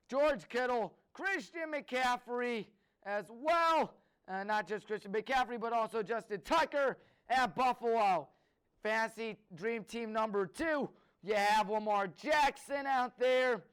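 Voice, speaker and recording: A man's voice: extremely high pitch, fairly bright tone, clean tone. A man hosting a solo sports talk show, eagerly listing names with frequent fillers. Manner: enthusiastic, rattles off lists of names with fillers. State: out of breath.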